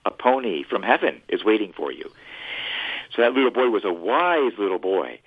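Husky animated storyteller priest, phone-line sound. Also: male voice, lowish voice, normal speed. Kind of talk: storytelling on a radio talk show. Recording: tinny phone-like radio line.

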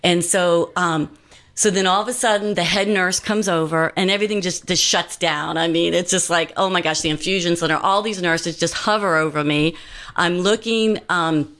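A woman's voice: lowish voice, moderate pace, a bit bright. A woman guest telling a personal story in an earnest, meandering way, full of fillers and restarts.

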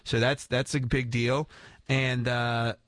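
A man's voice: mid-range voice, flat delivery, slow, a bit bright, dry recording, studio quality. A man co-hosting a morning radio show, reading announcements and chatting casually in an upbeat announcer manner.

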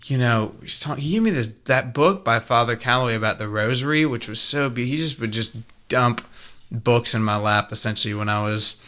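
A man co-hosting a talk show, telling a story with animated enthusiasm. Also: mid-range voice, a little fast. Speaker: co-host. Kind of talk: casual radio chat.

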